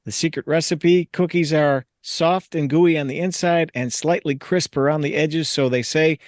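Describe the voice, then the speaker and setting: A man hosting a local panel talk show, brisk and upbeat as he keeps the discussion on time. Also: on the high side, fairly even intonation, no room sound, clean studio sound. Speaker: host.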